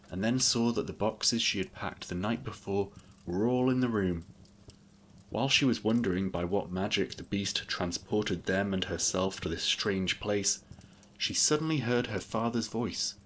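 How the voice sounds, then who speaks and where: A man narrating a classic fairy tale in a steady, measured storybook reading. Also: on the low side, a little hiss or hum.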